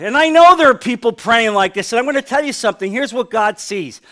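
A middle-aged male pastor from New Jersey preaching a sermon, swinging from loud to quiet with emphasis. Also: very high voice, animated, normal speed.

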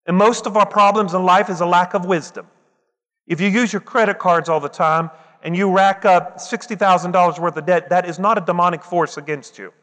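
A man's voice: high voice, fairly even intonation, brisk, bright, forceful tone. A male pastor preaching a sermon, repeating phrases for emphasis and calling on the congregation for amens. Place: church sanctuary. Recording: long reverb of a church hall.

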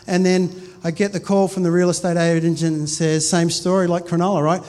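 A man's voice: high-pitched, level tone, brisk, darkish tone. A man in his forties, a pastor preaching a sermon in a conversational, storytelling way with frequent restarts. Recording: reverberant hall.

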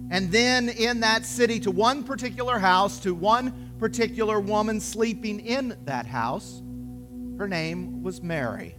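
A man narrating a storybook tale in a gentle, expressive way. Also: high voice. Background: soft music with singing bowl.

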